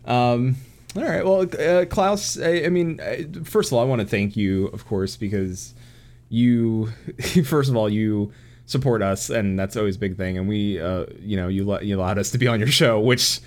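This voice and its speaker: A man from Florida co-hosting a podcast, telling stories in an animated way, laughing often and acting out what people said. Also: lowish voice, moderate pace. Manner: animated storyteller, laughs often, acts out quotes. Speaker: podcast co-host. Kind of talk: casual chat.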